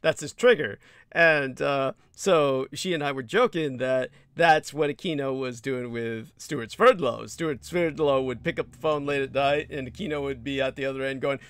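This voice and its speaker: Gravelly, bright-voiced male livestream host. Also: medium pitch, moderate pace, no echo. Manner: joking, laughs often. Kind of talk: casual chat.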